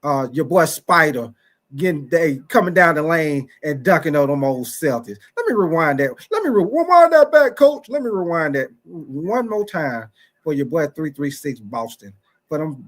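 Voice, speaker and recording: Chatty man hosting a sports livestream. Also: on the high side. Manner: chatty, repeats phrases, talks straight to chat viewers by name; playful mock-preacher asides. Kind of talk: casual sports talk livestream.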